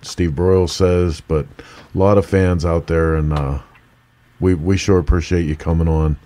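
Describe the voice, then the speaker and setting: Deep mellow-voiced Pittsburgh man. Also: fairly even intonation, moderate pace. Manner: enthusiastic, laid-back, chummy. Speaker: show host. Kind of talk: casual interview chat.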